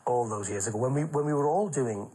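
A man's voice: mid-range voice, fast talker, background noise. A middle-aged Welsh man, a comedian, telling chatty backstage anecdotes in an interview and acting out the people in them. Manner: chatty, animated, acts out the people in his stories.

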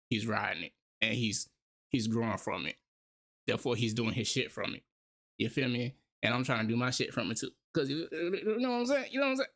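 A man's voice: mid-range voice, gravelly, a bit bright, no room sound. A man talks casually over a video he is watching. His speech is loose and slangy, full of repeated asides. The sound is dry and close, with almost no room in it. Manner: slangy, laid-back, repeats himself. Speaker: reaction streamer. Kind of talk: casual reaction commentary.

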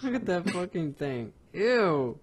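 A young man co-hosts a casual podcast in a high, slightly rough, sing-song voice at a slow pace. His chat is loose, unpolished, and conversational, and he swears freely.

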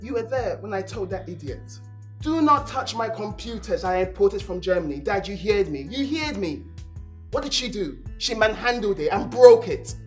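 A woman's voice: mid-range voice, expressive, normal speed, faint music behind, lightly acted. An actress with a Nigerian accent playing a haughty, rich young woman who scolds her staff with demands. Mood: angry. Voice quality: scolding, demanding, rising to shouts. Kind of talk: Nollywood film acting.

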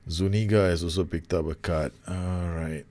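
A man's voice: low voice, fairly even intonation, moderate pace, warm tone. A man commentating on his own football management game, groaning and exasperated at his team. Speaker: gaming YouTuber.

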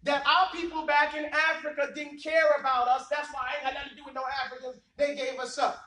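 Male teacher, high voice, emphatic and preachy, recorded from far off in an echoey classroom. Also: flat delivery, fast, pushed and bright. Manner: emphatic, preachy, keeps asking the class rhetorical questions. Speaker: Islamic teacher. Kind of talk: classroom lecture. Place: classroom, indoors. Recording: echoey room from far off, faint noise.

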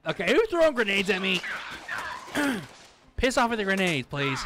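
A man's voice: high voice, sing-song, moderate pace. A man doing let's-play commentary, sarcastic and swearing, talking back at the game. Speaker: gamer playing through a game. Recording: noisy with clicking sounds.

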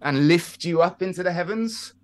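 A man's voice: high-pitched, normal speed, voice pushed up, natural voice. A man voicing an exasperated God. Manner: exasperated reasoning. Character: weary, patient male God speaking from heaven.

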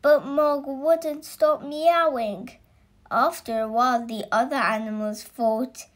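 A woman reading a children's picture book aloud in a gentle, clear storytelling manner. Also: sits high, takes it slowly.

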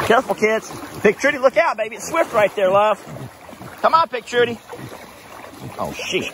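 Excitable man on an outdoor vlog. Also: sits high, moderate pace, long pauses, background noise. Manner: excitable, often shouting. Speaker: vlogger with animals. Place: outdoors by a creek.

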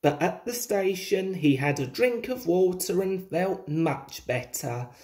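A woman reading a children's story aloud, gentle and expressive, confiding in the listener. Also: fairly low pitch, slow.

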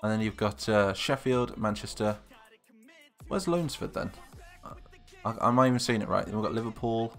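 A man's voice: lowish voice, normal speed, creaky, fairly bright tone, faint music behind. A man from England, chatting casually on a live stream, thinking aloud with hesitant muttered asides.

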